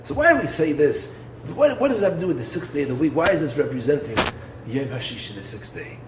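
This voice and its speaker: A man, a rabbi, giving a Torah lecture in an expressive way, posing rhetorical questions and swinging from low, quiet phrases to raised ones. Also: fast. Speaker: rabbi and yeshiva head. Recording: roomy echo with faint background noise.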